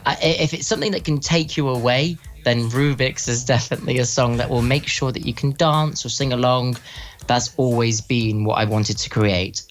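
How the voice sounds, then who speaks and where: A man's voice: medium pitch, steady tone, normal speed. A young man from London with a British accent, a guest musician chatting playfully on a radio interview. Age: young adult. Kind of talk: casual on-air interview.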